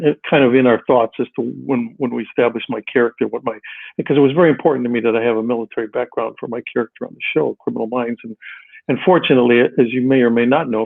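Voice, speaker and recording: Older man, fast talker, rambling with restarts, dry tinny phone sound. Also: medium pitch, gravelly, slightly rough, no echo. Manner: rambling, many restarts and repeated words. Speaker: guest actor. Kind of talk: casual radio interview. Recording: muffled phone line, dry.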